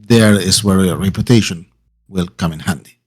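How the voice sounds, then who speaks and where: A man voicing a measured, calculating male mentor figure who lays out plans deliberately. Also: sits low, husky. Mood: explaining. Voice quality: calm, deliberate delivery. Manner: explains plans slowly and carefully.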